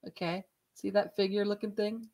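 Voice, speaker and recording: A woman vlogging about a night ghost hunt, talking casually with lots of swearing and laughter, sometimes dropping to a hushed whisper. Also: mid-range voice, moderate pace. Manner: profane, laughing, excitable storytelling. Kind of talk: casual vlog narration.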